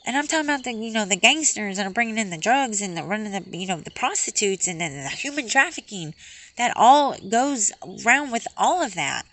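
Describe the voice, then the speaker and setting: A woman's voice: mid-range voice, sing-song, brisk, a bit bright. A woman ranting in a rambling, profane, heated way as a vlogger. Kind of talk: rambling rant to camera.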